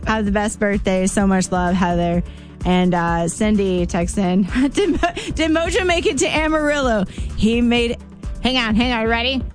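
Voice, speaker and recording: A woman's voice: fairly high pitch, moderate pace, faint music behind. A woman hosting a morning radio show in a studio, talking in a chatty, effusive way with plenty of ums and some playful teasing. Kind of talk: casual on-air chat.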